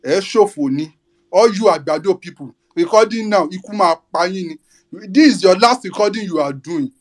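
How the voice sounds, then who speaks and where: A man's voice: high-pitched, expressive, fairly quick. A Nigerian man giving a fiery, defiant political rant in a live audio space, dropping Yoruba curses.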